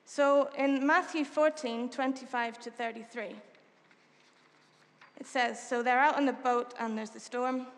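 A woman's voice: high-pitched, fairly even intonation, unhurried, long reverb tail. A woman preaching a sermon, retelling a Bible story in a conversational way with casual fillers.

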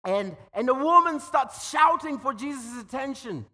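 A man's voice: extremely high pitch, animated, moderate pace, sharp tone. A man preaching a sermon, telling stories and acting out quoted voices, often repeating words as he goes. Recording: long hall reverb.

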